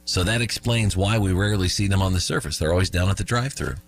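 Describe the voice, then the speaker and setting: A man in his fifties with a deep voice and quick pace hosts a morning radio show. He reads news items, slips in jokes, and chuckles at his own lines.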